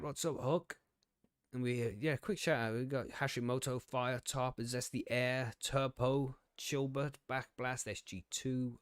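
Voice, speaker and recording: A man's voice: medium pitch, no room sound. A man in his usual middle register hosts a casual live stream, rambling through technical trouble and poking fun at himself. He swears freely and laughs easily. The sound is close and dry, with no room around it. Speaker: podcast host.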